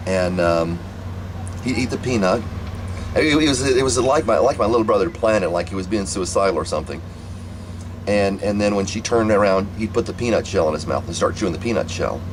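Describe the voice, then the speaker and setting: Low-pitched man, casual rambling storyteller, faint noise behind. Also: brisk. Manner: rambling, repetitive, many restarts. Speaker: vlogger telling a family story.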